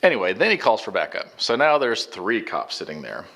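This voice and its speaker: Middle-aged man, low voice, rambling casual storyteller who acts out the other people's lines. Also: very animated, a little fast, bright, forceful tone. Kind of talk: casual anecdote.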